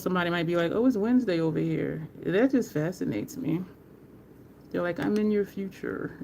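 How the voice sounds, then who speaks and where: A middle-aged woman livestreams herself doing her makeup, chatting casually, laughing often and greeting viewers by name. Her voice is lowish with vocal fry, and there's noise in the background.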